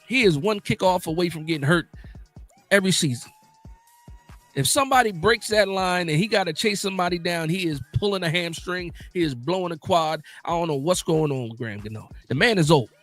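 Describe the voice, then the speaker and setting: A man hosting a casual live sports talk stream, animated and emphatic, often repeating himself for emphasis. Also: high voice, no room sound.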